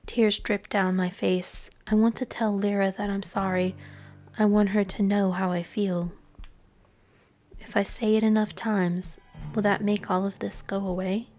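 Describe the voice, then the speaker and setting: A woman reads a visual novel aloud at an unhurried pace, her voice carrying a gravelly fry. She lingers emotively over each line, often dropping into soft, breathy asides. Faint music plays behind her. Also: mid-range voice, level tone. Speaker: streamer.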